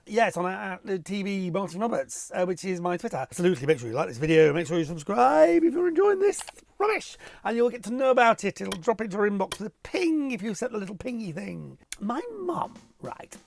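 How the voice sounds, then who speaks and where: A man's voice: high-pitched, very animated, fairly quick, vocal fry, no room sound. A middle-aged man from Warrington, England, a TV property presenter answering viewer questions in a chatty, rambling, self-deprecating way from his home office. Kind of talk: casual to-camera Q&A.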